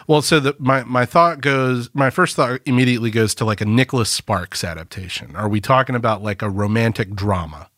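A man co-hosting a podcast, chatting casually with wry, animated reactions. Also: mid-range voice, a little fast, hardly any pauses, dry recording, clean studio sound. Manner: wry, animated, swears freely. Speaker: podcast co-host. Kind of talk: casual chat.

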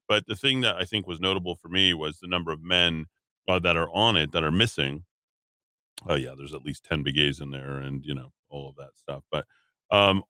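Brief: low-voiced male radio host, bright and forceful tone, rambling delivery full of fillers. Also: no echo, clean studio sound. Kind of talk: casual talk radio chat. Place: radio studio.

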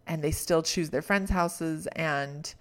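A woman's voice: low-pitched, takes it slowly. A middle-aged woman hosting a podcast, telling a candid personal story and drawing coaching lessons from it, reflective and often laughing at herself. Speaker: podcast host.

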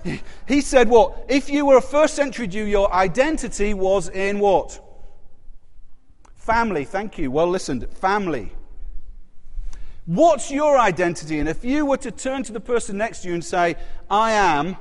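A man's voice: high-pitched, expressive, normal speed. A man preaching a sermon in a conversational way, often putting questions to his congregation. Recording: long hall reverb.

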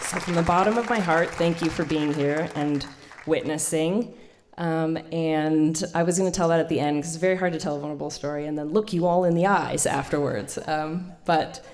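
A woman with a low voice for her sex tells a personal story to a live audience. She is in her thirties and hosts the evening. She talks in a chatty way, laughs often, and fills pauses with small hesitations. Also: a little mellow. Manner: chatty, laughing, many fillers. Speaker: storytelling event host and storyteller.

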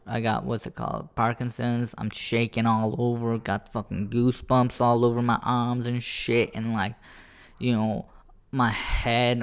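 A man casually telling a rambling, profane story about his own life, animated and full of restarts. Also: medium pitch, clear, resonant tone.

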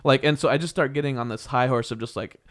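A young man chats on a podcast, spinning a story with real heat and frequent laughter. His voice sits at an ordinary middle pitch, and he swears freely as he gets worked up. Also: quick pace. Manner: animated, heated storytelling with frequent laughs and profanity. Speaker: podcast co-host. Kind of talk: casual storytelling chat.

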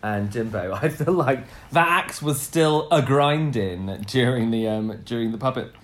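A man's voice: mid-range voice, measured pace. A man co-hosting a casual recap podcast, camp and giggly, rambling with many restarts. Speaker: podcast co-host. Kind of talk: casual chat, reality show recap.

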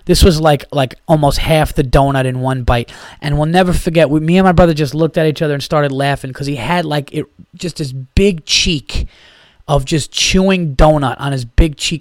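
A young man hosts his own podcast, talking in a loose, profane rant full of sarcasm and filler words. His voice sits a little high for a man. The sound is dry and close, with no room around it. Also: dry recording. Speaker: podcast host and stand-up comedian. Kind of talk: casual solo podcast rant.

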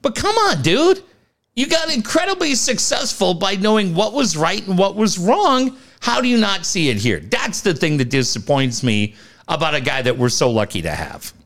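Animated male sports co-host, wide pitch swings, laughs at his own jokes. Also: normal speed. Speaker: podcast co-host. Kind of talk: casual sports talk.

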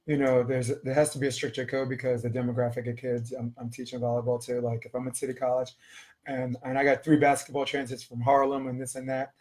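A man's voice: medium pitch, level tone, fast, a little mellow. A man from New York who coaches volleyball, telling a story on a podcast, acting out quotes and swearing freely.

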